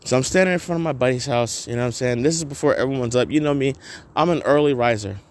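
A man's voice: medium pitch, fast, no echo. A man hosting a podcast alone, telling a story in a rambling, profane way full of filler words. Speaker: podcast host. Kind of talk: casual solo storytelling.

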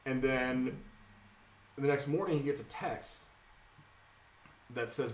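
Animated, swearing young man, off mic. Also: mid-range voice, measured pace, pauses often, recorded from a distance. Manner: animated storyteller, heavy swearing, laughs often. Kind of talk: casual chat. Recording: roomy sound from off mic.

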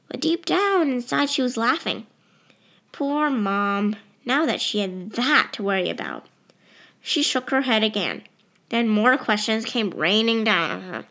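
A woman narrating a novel in a steady, expressive storytelling manner. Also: fairly high pitch, normal speed. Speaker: audiobook narrator. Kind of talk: scripted narration.

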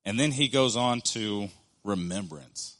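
Thirtyish guy giving a sermon, kinda low voice, earnest and chatty, slows way down to hit points. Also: fairly bright tone. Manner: earnest, conversational, with slow emphatic pauses. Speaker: preacher.

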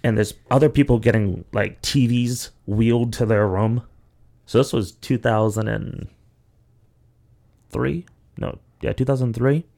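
A man's voice: medium pitch, steady tone, unhurried, creaky, mellow. A young man hosting a podcast, telling a long story casually with lots of swearing and "like" fillers. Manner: rambling, profane, acts out quoted voices. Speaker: podcast host.

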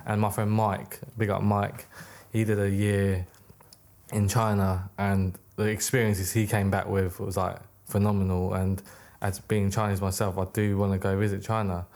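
A man's voice: on the low side, flat delivery, normal speed, a little mellow. A young man, a podcast guest chatting casually, rambling with lots of "like" and restarts. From United Kingdom. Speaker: podcast guest, clothing brand maker. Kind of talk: casual interview chat.

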